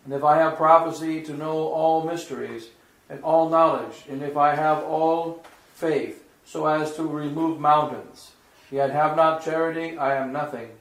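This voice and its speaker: A man reads scripture aloud in a slow, declamatory liturgical style, his voice sitting a touch higher than most men's. The sound rings around an echoey church room, and now and then he stumbles and restarts a phrase. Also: steady tone. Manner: measured, declamatory reading with a slip and restarts. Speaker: priest reading scripture.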